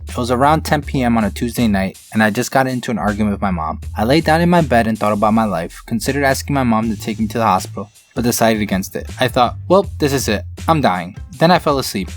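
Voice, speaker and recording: A man reading online stories aloud in steady first-person narration. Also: medium pitch. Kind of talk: scripted narration of online posts.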